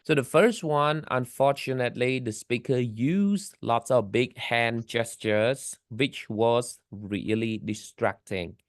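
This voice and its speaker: A man teaching English vocabulary in a class, patiently repeating key phrases slowly for learners. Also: mid-range voice, no room sound, clean studio sound.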